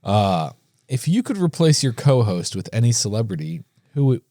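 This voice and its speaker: A man's voice: medium pitch, big pitch swings, moderate pace, dark tone, dry recording. A man co-hosting a podcast in casual chat, goofy and fond of playing with his voice. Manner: goofy, plays with his voice, sings bits. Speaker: podcast co-host.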